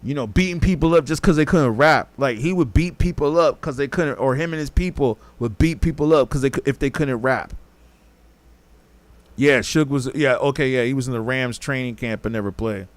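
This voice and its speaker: Speaking at a moderate pace in a mid-range voice with no echo, a male podcast host rambles through a casual story. He curses freely and voices the quotes himself.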